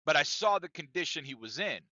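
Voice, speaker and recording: Male podcast co-host, emphatic and profane storyteller, forceful tone, dry close mic, a bit lo-fi. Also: on the high side, lively intonation, a little fast, dry recording. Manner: profane, emphatic, repeats himself. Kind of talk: casual storytelling rant.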